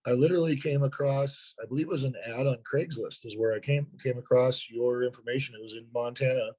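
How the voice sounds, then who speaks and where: A hoarse man, a sales partner, talking earnestly in a webinar interview and often repeating words as he starts a thought. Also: mid-range voice, fairly even intonation, fairly quick, darkish tone, low-quality recording. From North Dakota.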